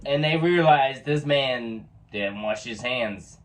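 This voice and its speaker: A man's voice: mid-range voice, slow. A man hosting a reaction video, making laid-back, chuckling comments over a comedy clip.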